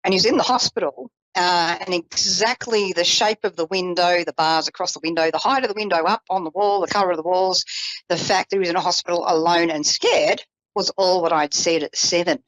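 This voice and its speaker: A woman psychic telling a personal story in an animated, casual way, with self-deprecating asides, acting out the voices she quotes. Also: fairly low pitch, a little fast, no echo, rough recording. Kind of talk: storytelling on a call-in psychic show.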